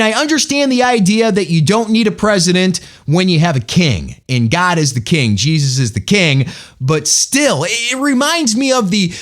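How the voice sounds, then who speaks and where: A man hosting a religious podcast, talking in an emphatic, folksy storytelling way. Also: high-pitched. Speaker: podcast host.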